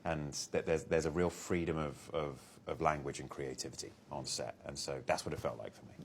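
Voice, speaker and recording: A man, an actor, answering interview questions casually, halting and restarting as he talks. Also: very deep voice, steady tone, creaky, soft background music.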